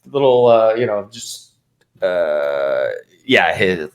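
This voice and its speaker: A man's voice: sits low, animated, slow. Man, game master narration, meandering, roomy echo. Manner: rambling, hesitant with fillers.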